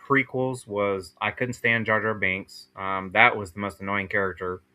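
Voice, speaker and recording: Man, podcast co-host, laid-back chat, very bright tense voice, on the low side. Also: fairly even intonation, normal speed. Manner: easygoing, tacks on "man" to sentences. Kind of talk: casual chat.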